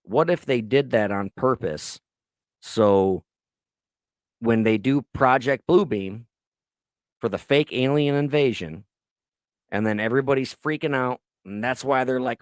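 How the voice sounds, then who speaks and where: A man hosting a podcast in casual chat, rambling excitedly and swearing often. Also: mid-range voice, a little slow, pauses often, no room sound. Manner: profane, rambling, excitable storytelling. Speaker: podcast host. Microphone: laptop recording.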